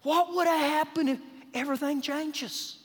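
High-voiced male preacher in an echoing sanctuary. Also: steady tone, moderate pace, fairly bright tone. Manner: emphatic preaching with rhetorical questions to the congregation; humorous paraphrasing of scripture. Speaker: pastor. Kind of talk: sermon. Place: church sanctuary during a live service. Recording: live church recording with long hall reverb.

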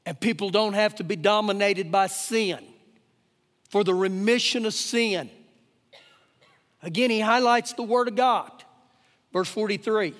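A man preaching a live sermon as pastor, emphatic, repeating phrases and swinging between loud and hushed. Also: high-pitched, measured pace, pauses often. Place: church sanctuary during a service. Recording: long hall reverb, faint guitar.

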